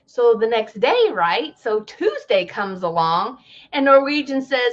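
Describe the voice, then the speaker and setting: High, animated woman storyteller. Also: dull audio. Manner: animated storyteller who acts out quotes with dramatic pauses. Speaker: travel advisor vlogger. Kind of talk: casual monologue commentary.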